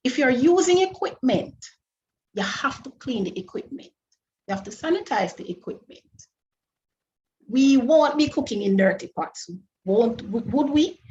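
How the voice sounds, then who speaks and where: A woman with a high, expressive, slightly mellow voice gives an online food safety lecture over a webinar microphone, and the lo-fi recording carries a faint hiss or hum. She explains carefully and deliberately, often restarting phrases and throwing many rhetorical questions at her audience.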